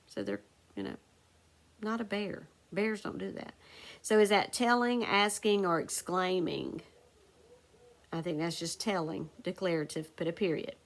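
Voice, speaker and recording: A woman teacher leading a recorded phonics lesson, dictating sentences slowly and spelling words out letter by letter. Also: lowish voice, steady tone. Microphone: recorded for a video lesson.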